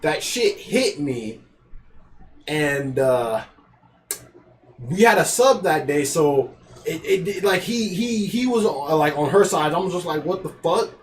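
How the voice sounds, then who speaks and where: A man's voice: on the high side, animated, takes it slowly, pauses often, slight background noise. A young man hosting a podcast, rambling through a school story in a loose, swear-heavy casual chat. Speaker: podcast host.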